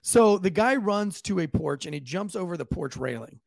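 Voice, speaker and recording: Gravelly, profane police officer spinning a yarn. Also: male voice, high-pitched, moderate pace, dry recording. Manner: profane, lively, acts out quoted voices. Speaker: police officer telling a story on a podcast. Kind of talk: casual storytelling.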